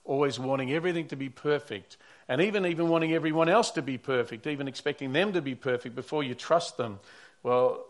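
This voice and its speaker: A man's voice: medium pitch, a little fast. A man who is a pastor preaching a sermon, telling stories earnestly and often repeating or restarting his words.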